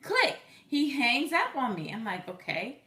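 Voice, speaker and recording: An animated woman tells a personal story straight to her viewers and acts out both sides of the exchange. Her voice sits a little high and comes across sharp and bright. The sound is roomy and echoey, with clear reverb around her. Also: moderate pace. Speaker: vlogger.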